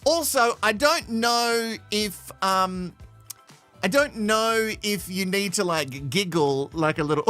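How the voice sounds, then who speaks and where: A man's voice: high-pitched, slow, sharp tone, soft background music. A man from Australia hosting a live show from home in playful, teasing casual commentary. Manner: chatty, playful, teasing, laughs often. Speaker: host.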